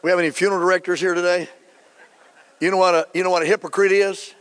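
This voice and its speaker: Fervent preaching man, slightly high voice. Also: little pitch movement, fast. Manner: fervent, rising to shouts, acts out quotes. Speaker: pastor. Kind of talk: sermon.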